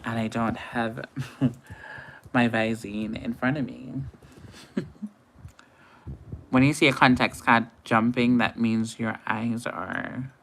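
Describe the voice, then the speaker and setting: A woman's voice: rumbling low, fairly even intonation, takes it slowly, long pauses, slight background noise. A young woman from Antigua with a Caribbean accent, chatting casually with viewers on a late-night makeup livestream, laughing often. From Antigua and Barbuda.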